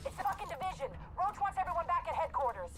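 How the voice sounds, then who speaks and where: A woman's voice: extremely high pitch, expressive, quick pace, fairly bright tone, a little hiss or hum. An actress playing a blunt female operative giving clipped orders over comms in a game. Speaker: game character.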